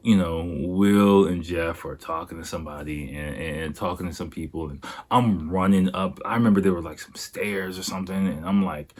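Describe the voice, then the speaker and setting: A man's voice: deep voice, normal speed, few pauses. A young man hosting a podcast, telling a story casually, laughing often and acting out quotes. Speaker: podcast host.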